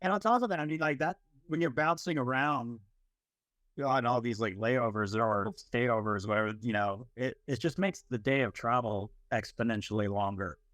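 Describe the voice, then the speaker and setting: A man chatting as a podcast guest, relaxed, mostly offering brief agreement. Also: mid-range voice, normal speed, dry recording. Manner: laid-back, mostly short agreeing replies. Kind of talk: casual chat.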